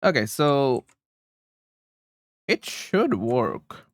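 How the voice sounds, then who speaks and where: A man's voice: mid-range voice, very animated, drawn-out words, no room sound, clean studio sound. A man livestreaming, rambling casually to his chat with frequent chuckles while he fiddles with settings.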